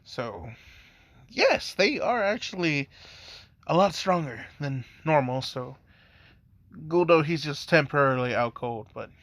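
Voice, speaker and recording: Man, casual rambling storyteller, fairly high voice, dry close sound. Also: expressive, a little slow, long pauses, a bit bright, no echo. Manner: rambling, lots of "like", swearing. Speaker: fan storyteller.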